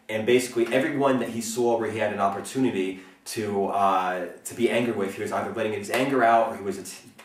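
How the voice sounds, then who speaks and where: A man explaining self-defense as an instructor, speaking earnestly and often checking in with a quick "okay?". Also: fairly low pitch, distant mic. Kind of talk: instructional talk. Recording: roomy, mic set back from speaker.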